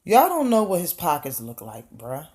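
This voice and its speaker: Her pitch swoops wildly, though her voice is lowish and darkish in tone at a moderate pace. This woman vlogger rants her opinions bluntly, cursing freely, asking rhetorical questions and repeating words for emphasis in a heated delivery.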